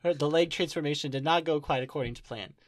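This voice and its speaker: A man's voice: fairly high pitch, quick pace, no echo, studio quality. A man co-hosting a podcast, telling a story in a playful, chatty way. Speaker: podcast co-host. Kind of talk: casual chat.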